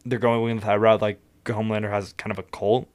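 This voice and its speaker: A man's voice: fairly low pitch, little pitch movement, brisk. A man co-hosting a podcast in casual chat, rambling and profane, with many fillers. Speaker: podcast co-host.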